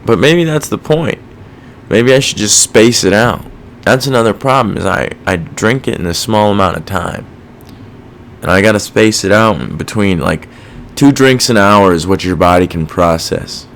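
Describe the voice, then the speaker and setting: Give me a young man chatting alone on a podcast, rambling and swearing, with a lowish voice. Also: moderate pace, fairly bright tone, a little hiss or hum. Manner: rambling, profane, self-reflective. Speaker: podcast host. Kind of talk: casual solo podcast chat.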